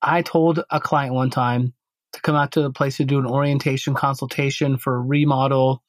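A man's voice: mid-range voice, little pitch movement, moderate pace, no echo. A man co-hosting a podcast, telling a long story in a casual, rambling way with many restarts and fillers. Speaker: podcast co-host.

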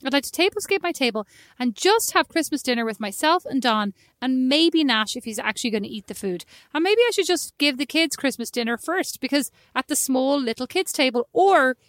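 A woman in her thirties co-hosting a podcast, telling animated stories and acting out her small son's lines in casual chat. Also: high voice, a little fast, no room sound. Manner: animated storyteller, acts out her kid's lines. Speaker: podcast co-host.

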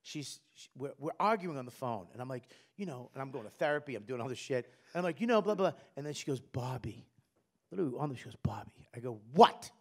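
A middle-aged man, telling profane stories loudly in casual podcast chat. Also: mid-range voice, very fast, few pauses. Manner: loud, profane, animated storytelling. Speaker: guest comedian.

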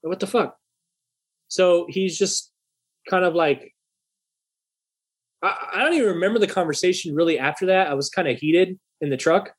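A young man tells a story in a relaxed, profane way, and his voice jumps up when he acts out the argument. His voice sits a little high and sounds husky and breathy. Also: moderate pace, pauses often. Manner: profane, animated, acts out heated dialogue. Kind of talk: casual storytelling.

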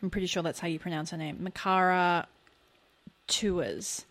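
A woman's voice: on the low side, steady tone, moderate pace, fairly bright tone. Chatty Australian woman podcaster. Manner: chatty, self-deprecating, lightly swearing. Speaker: podcast co-host. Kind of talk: casual chat.

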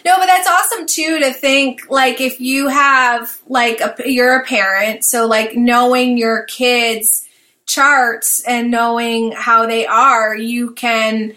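Casting: woman podcast host, bright forward tone, casual and chatty. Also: a little high, steady tone, takes it slowly. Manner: casual, many "like" fillers, thinking aloud. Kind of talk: podcast conversation.

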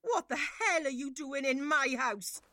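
A woman's voice: high-pitched, measured pace, no echo. A woman playing a furious grieving mother. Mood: enraged. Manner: shouting, tearful accusations. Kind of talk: audio drama acting.

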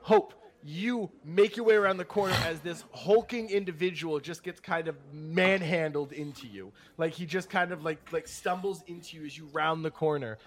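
A man runs a tabletop game as game master, his voice sitting a little high. He narrates with lively energy and breaks into sudden shouted bits for characters. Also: normal speed, few pauses.

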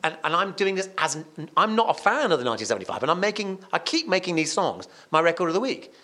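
A man, a radio presenter and songwriter guesting on a podcast, telling a story in an animated, emphatic way, restarting and repeating himself often. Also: high voice, quick pace. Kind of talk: casual conversational storytelling.

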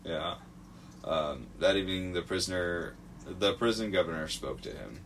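Male podcast host, very low voice, loose halting true-crime narration. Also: fairly bright tone, a little hiss or hum. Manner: halting, many fillers, swears freely.

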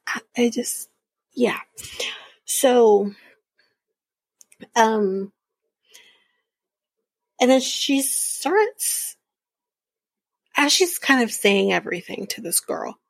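A woman's voice: fairly high pitch, gravelly, slightly rough, dry recording. A woman hosting a podcast, recapping a reality show in a casual, profane and sarcastic way, often laughing. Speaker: podcast host.

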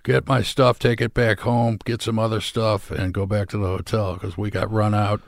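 A man's voice: on the low side, flat delivery, moderate pace, vocal fry, no room sound. An older man being interviewed, answering briefly with dry humor. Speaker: guest actor. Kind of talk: relaxed interview conversation.

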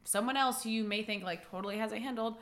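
A woman chatting casually on a podcast, fast and loose, full of "like" and quick laughs. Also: a little high, a crowd in the background. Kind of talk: casual chat.

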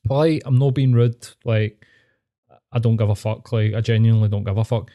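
A man's voice: lowish voice, steady tone, fairly quick, mellow. Sweary Glaswegian man ranting. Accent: Scottish, Glaswegian. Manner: sweary, ranting, mimics people. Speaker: podcast host. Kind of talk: casual chat.

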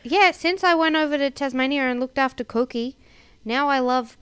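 A woman's voice: sits high, normal speed, a bit bright, dry recording. A woman co-hosting a podcast, chatting casually and rambling through a TV show recap. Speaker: podcast co-host.

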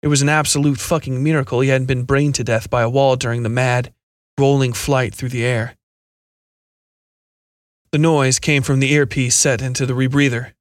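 A man narrating a scripted science fiction horror story in a steady, measured reading. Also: medium pitch, no room sound, clean studio sound.

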